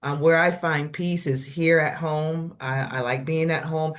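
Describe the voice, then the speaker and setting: An older woman with grandchildren sharing simple joys in a casual church group conversation, chatty with halting restarts. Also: low-pitched, fairly even intonation.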